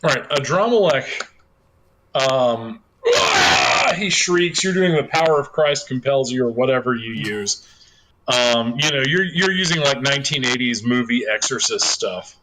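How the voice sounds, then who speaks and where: Over a noisy online voice call, a medium-pitched man runs a tabletop game as game master. He is chatty and laughs easily, often trailing off into repeated words.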